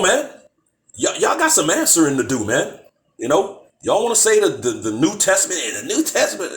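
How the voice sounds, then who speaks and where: A man teaching from the Bible in a casual, conversational way, reading verses slowly and firing off rhetorical questions. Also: high voice. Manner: conversational, peppered with "man, you know"; reads verses slowly and deliberately. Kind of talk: informal scripture teaching.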